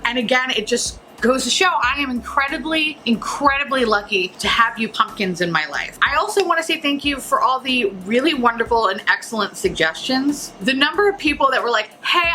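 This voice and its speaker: A woman's voice: medium pitch, sharp tone, slight background noise, rough recording. A woman hosting a makeup review vlog from home, chatting in a goofy, rambling way and swearing freely. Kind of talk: casual vlog chat. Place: home, early morning.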